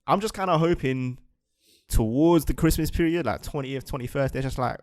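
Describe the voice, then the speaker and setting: Brief: relaxed young male host, mid-pitched, easygoing laughs, very dry close recording. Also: normal speed, no room sound. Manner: laid-back, laughs often. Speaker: podcast host. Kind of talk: casual chat. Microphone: video call.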